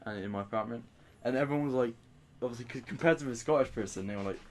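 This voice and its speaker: A young man with a Bristol accent tells lively stories, slipping into other people's voices as he goes. His talk is loose and friendly, like a co-host riffing in conversation. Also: mid-range voice, rapid-fire, a crowd in the background. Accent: Bristol English. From England. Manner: animated anecdotes, acting out others' lines. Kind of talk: casual chat.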